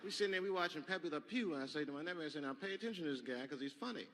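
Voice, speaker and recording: A man tells his stand-up stories in a raised voice that leaps all over the scale. He talks loose and profane, then bursts into shouts. The live stage recording is thick with noise. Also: fairly high pitch, lively intonation, racing. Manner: loose, profane, conversational delivery with sudden shouted outbursts. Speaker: stand-up comedian. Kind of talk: stand-up comedy storytelling. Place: comedy stage with audience laughing.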